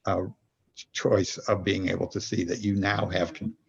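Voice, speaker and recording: A man with a gravelly, husky voice explains his ideas as a podcast guest. He tells little stories and acts out an inner voice along the way, often breaking off to restart. The audio is somewhat dull and lo-fi. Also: deep voice, flat delivery, moderate pace. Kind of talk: conversational explanation.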